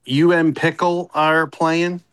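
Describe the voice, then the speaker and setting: A man's voice: on the high side, level tone, takes it slowly, fairly bright tone, clear, resonant tone, no echo. A man co-hosting a casual podcast, ribbing his friends in a playful way. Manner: teasing, playful. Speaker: podcast co-host.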